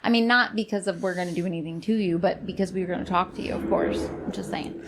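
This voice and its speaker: A woman's voice: fairly low pitch, fast talker, background noise. A woman hosting a podcast in casual chat, blunt and chatty, full of fillers and restarts, sarcastic about politicians. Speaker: podcast host.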